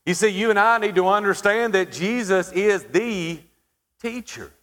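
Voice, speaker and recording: High-voiced preacher in a reverberant hall. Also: male voice, a bit bright. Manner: preaching with rhetorical questions and dramatic pauses. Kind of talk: sermon.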